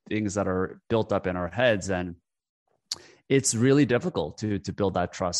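Male interview host: low pitch, dry recording, reflective questions. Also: no echo. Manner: thoughtful, summarizing, with fillers. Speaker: podcast host. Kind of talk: interview conversation.

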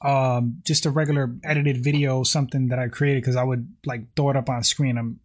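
A man's voice: mid-range voice, little pitch movement, brisk. Rambling man reading live chat comments. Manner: rambling, heavy on "like" and "you know"; frequently clears his throat. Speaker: YouTube livestream host. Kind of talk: casual livestream chat, reading viewer comments.

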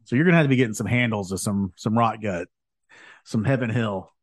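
A man's voice: lowish voice, brisk, no echo, studio quality. Rambling laid-back man chatting. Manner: rambling, laughs often. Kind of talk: casual chat.

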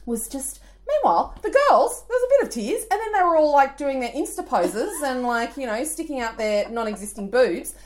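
Animated Australian woman telling stories. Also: high voice, a little fast. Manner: animated storytelling, laughing, acting out voices. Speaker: podcast co-host. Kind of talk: casual chat.

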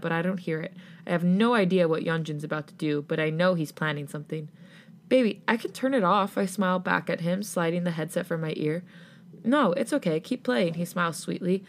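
Host narrator, woman, low and steady reading voice. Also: a little hiss or hum. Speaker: podcast host. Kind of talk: reading fan fiction aloud.

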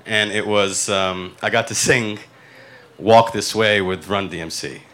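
Excited man hosting a live panel. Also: fairly low pitch, takes it slowly. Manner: enthusiastic, swears casually. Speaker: podcast host. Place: convention panel before a crowd.

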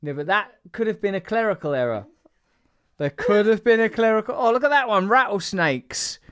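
A man's voice: high-pitched, animated, normal speed, a bit bright, clear, resonant tone, no room sound, clean studio sound. A man hosting a podcast in loose, rambling chat, teasing his co-host and laughing often. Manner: playful, teasing, breaks into laughter.

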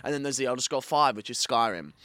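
Young guy podcasting, loud sweary storyteller, bright voice, dry sound. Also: mid-range voice, animated, quick pace, no room sound. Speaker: podcast co-host. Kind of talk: casual chat.

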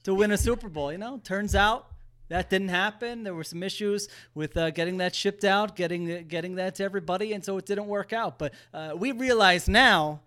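Smooth-voiced joking male co-host. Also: high voice, moderate pace, bright, forceful tone. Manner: joking, sarcastic asides. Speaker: podcast co-host. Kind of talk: casual sports podcast chat.

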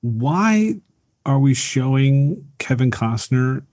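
A man's voice: medium pitch, sing-song, takes it slowly, a little mellow, dry recording. Easygoing podcast guy, mid voice, dry close sound, leads the segments. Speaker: podcast co-host. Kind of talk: casual movie podcast chat.

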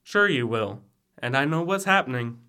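A man's voice: mid-range voice, lively intonation, normal speed, sharp tone, clean tone. A young man acting a sarcastic frat brother in a college audio drama, with dry quips. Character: wry young male frat brother Jimmy. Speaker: student actor in audio drama.

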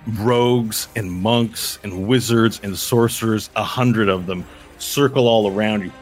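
A man running a tabletop game as game master, narrating a space battle in an excited, rambling way full of fillers. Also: fairly low pitch, measured pace, soft background music.

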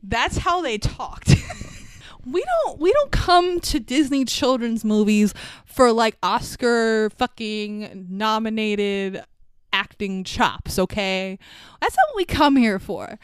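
A young woman co-hosting a casual movie recap podcast, animated and sarcastic, swearing freely and laughing often. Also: on the high side, slow, smooth, no room sound, clean studio sound. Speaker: podcast co-host.

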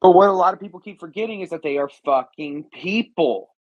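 A man's voice: high-pitched, expressive, fairly quick, dry recording, highs cut off. A man co-hosting a podcast in casual chat, swearing freely and ranting with heat. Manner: profane, heated rants. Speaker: podcast co-host.

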